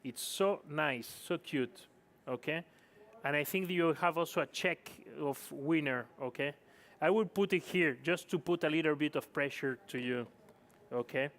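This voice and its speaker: Male stage host for a live competition, a bit high-pitched, casual and self-correcting. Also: measured pace, a bit bright. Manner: chatty, apologetic, non-native phrasing. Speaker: event host. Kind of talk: live event hosting. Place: conference stage.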